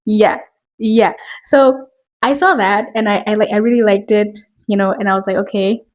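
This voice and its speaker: A woman hosting a casual commentary vlog, chatty and quick to laugh, with lots of filler words. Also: mid-range voice, fairly even intonation. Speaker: video host.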